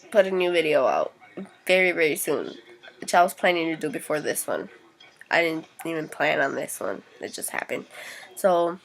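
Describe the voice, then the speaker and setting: Indignant young woman venting, swearing freely. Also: fairly low pitch. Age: young adult. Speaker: vlogger. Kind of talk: casual venting vlog.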